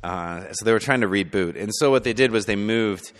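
A man telling a story from his childhood in a loose, conversational way, full of fillers, sometimes soft and sometimes emphatic. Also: fairly low pitch, brisk. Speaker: speaker sharing personal testimony. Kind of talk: personal storytelling talk. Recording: long hall reverb.

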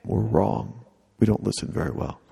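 Male preacher, mellow and husky voice, chatty jokey delivery, reverberant hall. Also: fairly low pitch, moderate pace. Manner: humorous, conversational preaching with mock dialogue. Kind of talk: sermon.

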